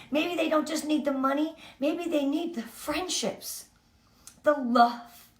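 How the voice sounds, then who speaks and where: Upbeat high-voiced woman giving a pep talk. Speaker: direct sales team leader. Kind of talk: motivational team training talk. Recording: roomy, from a distance.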